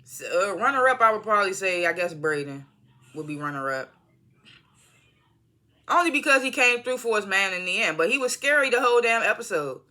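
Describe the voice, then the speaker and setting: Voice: mid-range voice, very animated, a little fast, sharp tone. An American vlogger giving a loose, slangy TV episode review into a phone, full of asides and self-corrections. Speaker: TV show reviewer. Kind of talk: casual rambling video review.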